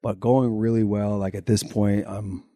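A man's voice: on the low side, level tone, normal speed, dark tone, no echo, clean studio sound. A man co-hosting a podcast in casual chat, sounding a little congested and rambling, repeating words as he thinks. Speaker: podcast co-host.

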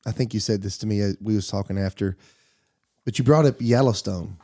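This pastor and podcast host has a lowish, mellow voice and speaks a little fast. The conversation is relaxed, and he shares stories with an open, unguarded ease.

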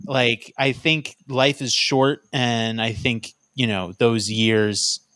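A man's voice: mid-range voice, fairly even intonation, takes it slowly, sharp tone, clean tone, no echo, clean studio sound. A man co-hosting a podcast, trading short reactions and quips in casual chat.

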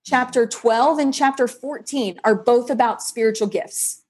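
A woman's voice: fairly high pitch, a little slow, darkish tone, slightly rough. A woman guest on a faith-based leadership podcast, talking in emphatic, preacher-like bursts.

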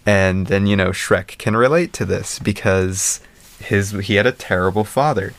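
A man co-hosting a casual movie review chat, rambling and animated as he retells scenes. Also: lowish voice, normal speed. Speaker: podcast co-host.

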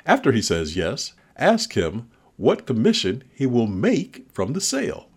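Husky, animated man reading a lesson. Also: mid-range voice, a little slow. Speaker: negotiation instructor. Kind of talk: scripted narration.

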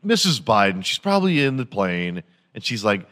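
A man's voice: fairly low pitch, sing-song, moderate pace, fairly bright tone. A man hosting a podcast in a crude, mocking comedic rant, swearing freely and slipping into silly impressions. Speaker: podcast host.

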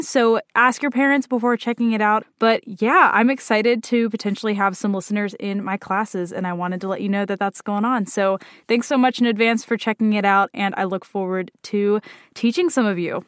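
A woman hosting a casual podcast chat, talkative and quick to laugh. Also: mid-range voice, clear, resonant tone, no echo, clean studio sound. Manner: chatty, laughs easily. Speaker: podcast host.

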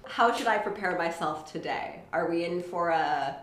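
A woman's voice: on the low side, normal speed. A woman co-hosting a podcast, bantering playfully and laughing often. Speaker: podcast co-host. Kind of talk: casual podcast chat. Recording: roomy with faint noise.

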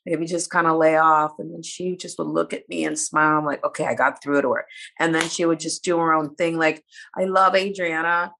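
A woman's voice: sits low, level tone, brisk, creaky, bright, forceful tone, slight background noise. A woman guest speaking candidly in a casual interview, sometimes losing her words. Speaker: reality show cast member guest.

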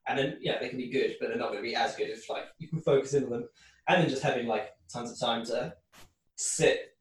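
A male drummer thinks aloud in unhurried, halting phrases. His voice comes from well back from the mic in a strongly echoing room, with the sound washing around him. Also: mid-range voice. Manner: slow, hesitant, thinking aloud. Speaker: band drummer. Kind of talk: casual interview chat. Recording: very echoey room, distant mic.

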